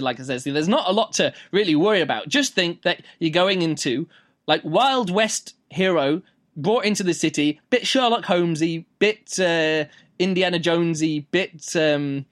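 A man's voice: on the high side, moderate pace, a bit bright. A man giving a casual, rambling book review, playful and full of fillers.

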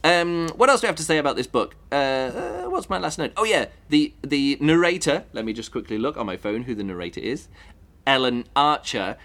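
A man chats through a book review, rambling as he thinks aloud. He keeps circling back with fillers and false starts, and his voice sits at a middling pitch for a man. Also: very animated, fairly quick, fairly bright tone. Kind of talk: casual spoken book review.

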